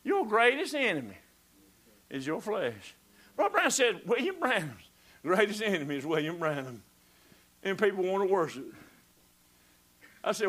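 A man's voice: on the high side, big pitch swings, moderate pace, pauses often, a bit bright, breathy edge. A man preaching a fervent sermon, exclaiming and dropping to whispers.

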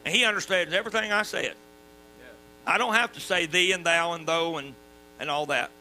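A man with a Southern US accent preaching a sermon in a folksy, emphatic way, dropping suddenly to quiet. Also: high-pitched, a little fast, poor audio. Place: church. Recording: mains hum underneath.

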